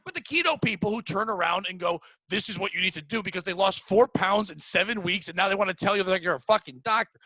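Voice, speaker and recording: High-pitched, sharp-voiced man venting. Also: no room sound, poor audio. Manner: blunt, profane, rapid venting. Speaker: podcast host. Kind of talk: casual chat. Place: home room.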